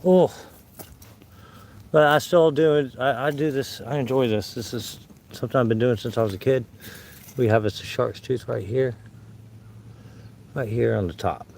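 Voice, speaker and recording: A man's voice: mid-range voice, moderate pace, creaky, pauses often, a little mellow, a little hiss or hum. An older man with a Southern American accent, out of breath from climbing a hill, chatting casually to viewers as he hunts fossils outdoors. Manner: chatty, folksy, talking to viewers while searching. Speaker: fossil hunting vlogger. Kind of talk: casual live narration while hunting outdoors. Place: outdoors on a dirt hillside.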